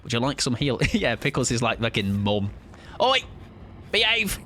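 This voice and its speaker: A man with a British accent giving animated live gaming commentary, swearing and laughing a lot. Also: medium pitch, a little fast, slight background noise. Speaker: streamer. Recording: game music playing under the voice.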